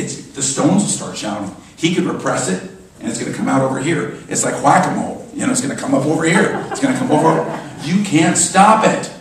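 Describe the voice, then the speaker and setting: A man delivering a sermon as a minister, animated and emphatic, often repeating his phrases. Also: mid-range voice. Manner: animated, emphatic preaching with repetitions. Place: church sanctuary. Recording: echoey church hall from far off.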